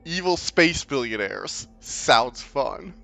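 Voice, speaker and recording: A man's voice: mid-range voice, lively intonation, slow pace, vocal fry, pushed and bright, soft background music. A man hosting a let's-play, making chatty, joking asides over the game in casual commentary.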